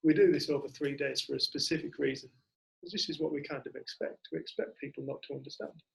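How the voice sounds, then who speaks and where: A man's voice: a little high, fairly even intonation, fast, creaky, poor audio. A man, leading a community group in casual storytelling talk and animatedly acting out what other people say. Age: 40s.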